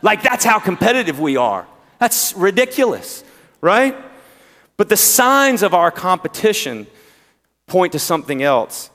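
A man with a Southern accent preaching a sermon, drawing out key words with pauses and swinging between loud emphasis and hushed tones. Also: high-pitched, very animated. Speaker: pastor. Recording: long hall reverb.

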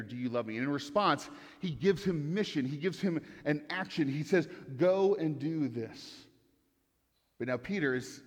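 Earnest preacher in a large echoing hall. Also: male voice, mid-range voice. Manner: earnest, repeats phrases for emphasis. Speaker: pastor. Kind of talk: sermon.

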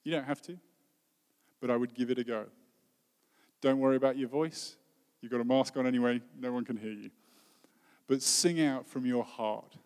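A man, a worship leader giving an earnest, heartfelt sermon that often drops to a soft voice. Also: mid-range voice, moderate pace, clear, resonant tone. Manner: earnest, heartfelt preaching with soft dropping phrases. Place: church hall. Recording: long reverb of a hall.

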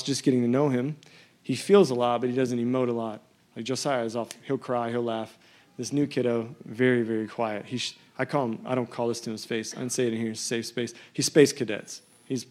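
A man's voice: medium pitch, a little mellow. A man in his thirties preaching a sermon, reading scripture and telling a personal story in an earnest, conversational way. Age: 30s. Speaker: pastor.

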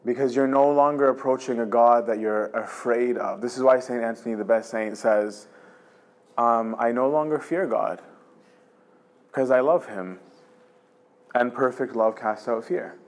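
Casual animated man giving a lecture. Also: mid-range voice, measured pace. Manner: casual and animated, many fillers and "right?" tags; acts out quoted voices of God and the soul. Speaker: lecturer on spiritual life. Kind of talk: informal religious lecture.

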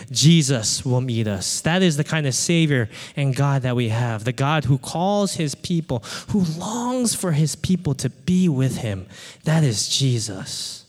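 Male preacher, animated storytelling, very lively pitch, reverberant hall. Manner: animated, acts out voices, asks the crowd "right?". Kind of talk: sermon with storytelling. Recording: echoey hall.

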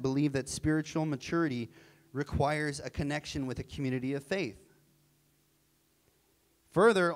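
Pastor guy preaching, fairly high voice, earnest and emphatic. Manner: earnest, emphatic, with repeated phrases. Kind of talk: sermon.

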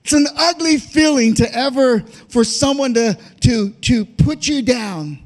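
High voiced preacher guy, lots of uh's, shouts and kinda sings his sermon. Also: expressive, unhurried. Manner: preaching with frequent "uh" and shouted, sing-song peaks. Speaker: pastor.

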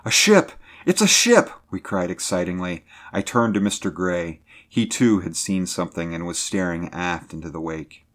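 A man narrating an old sea adventure as an audiobook, in a measured, dramatic storytelling manner. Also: low-pitched.

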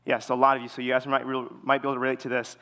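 A young man giving a sermon in a relaxed way, full of fillers, telling stories with animation. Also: medium pitch, rapid-fire. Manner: relaxed, filler-heavy storytelling; animated when retelling stories. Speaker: preacher. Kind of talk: casual sermon.

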